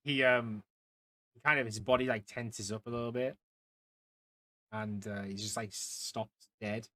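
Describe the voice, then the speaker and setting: Rambling low-voiced male game master. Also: fairly even intonation, a little slow, bright, forceful tone. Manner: rambling, many fillers and restarts. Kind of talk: narrating a tabletop game.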